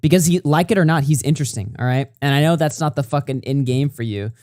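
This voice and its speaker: A man's voice: fairly high pitch, quick pace, a little mellow, dry recording, studio quality. A man hosting a podcast in casual chat, swearing freely and often laughing as he talks. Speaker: podcast host.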